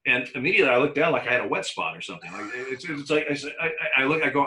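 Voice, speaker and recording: A man, a former umpire, telling lively anecdotes in an interview, with frequent restarts and acted-out quotes. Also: medium pitch, quick pace, low-quality recording. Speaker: retired baseball umpire guest. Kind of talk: storytelling in a conversational interview.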